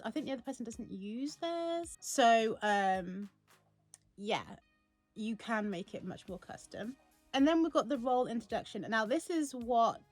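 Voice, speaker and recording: Woman vlogger, chatty and rambling, a bit high-pitched. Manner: chatty, rambling with frequent "like" and laughs. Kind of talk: casual walkthrough chat.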